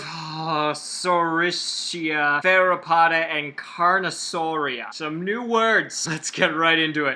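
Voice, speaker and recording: A man's voice: high voice, sharp tone. A man talking in a casual, jokey vlog style on a laptop microphone at home, reading aloud and slipping into silly voices. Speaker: vlogger. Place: room at home by a window.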